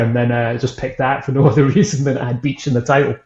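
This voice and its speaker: A whisky author from Scotland, with an Edinburgh accent, chats casually as a guest in an interview, telling stories and laughing often. His mid-range voice is a little mellow, with fairly even intonation, and he talks fast with few pauses. The recording is echoey, with a dull lo-fi sound.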